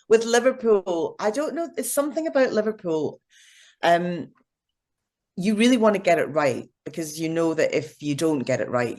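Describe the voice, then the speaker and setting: A middle-aged woman, an actress, chatting as an interview guest, full of fillers and restarts. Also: low-pitched. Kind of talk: casual interview chat.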